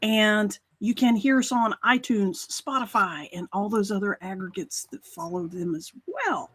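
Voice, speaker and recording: A woman's voice: fairly high pitch, animated, a little slow, gravelly, fairly bright tone, husky. A woman co-hosting a live stream, with a Carolina Southern accent, chatting casually and laughing often. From North Carolina. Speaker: co-host.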